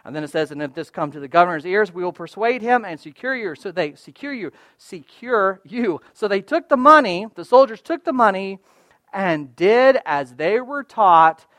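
A man preaching a sermon, emphatic and repeating key phrases, swinging between loud stresses and hushed asides. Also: sits high, dry recording.

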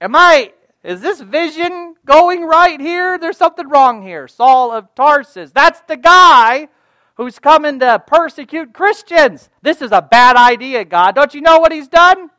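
A preacher acting out an alarmed first-century male disciple who protests to God in a high, loud, incredulous voice, recorded dry. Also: lively intonation, a little slow, dry recording, full character voice.

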